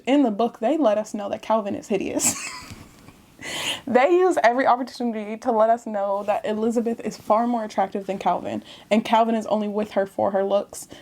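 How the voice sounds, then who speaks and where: A woman chatting casually to camera as she reviews a book, animated and talkative, often laughing between remarks. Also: fairly high pitch, a little hiss or hum.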